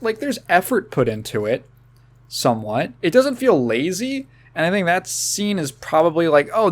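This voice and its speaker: A man co-hosting a casual podcast, rambling with halting restarts, frequent laughs and swearing. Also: a little high. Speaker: podcast co-host.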